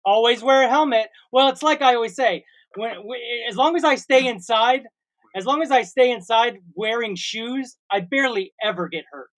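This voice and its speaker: A man's voice: very high voice, normal speed, fairly bright tone. A man in his forties, co-hosting a casual comedy podcast, telling a long rambling story with made-up sound words. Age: 40s. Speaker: co-host.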